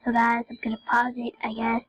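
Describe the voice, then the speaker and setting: A woman's voice: on the high side, monotone, fairly quick, husky, no echo, muffled recording. A young female gamer chatting to viewers in a rambling, casual way as she plays. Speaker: game video narrator. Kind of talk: casual gameplay commentary.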